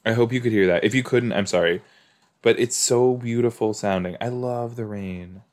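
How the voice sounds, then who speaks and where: A man's voice: medium pitch, moderate pace. A man hosting a podcast, reacting aloud with gushing exclamations and laughs while watching a TV episode. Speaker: podcast host.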